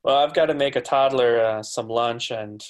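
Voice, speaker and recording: A man's voice: medium pitch, moderate pace. An American man co-hosting a casual podcast from his city home over a video call, easygoing and brief. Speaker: podcast co-host. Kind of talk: casual chat. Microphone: video call recording.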